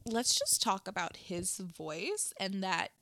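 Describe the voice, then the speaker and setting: Woman, casual movie chat, playful, teasing jokes, mid-pitched, dry sound. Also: very animated, slow, pushed and bright, dry recording.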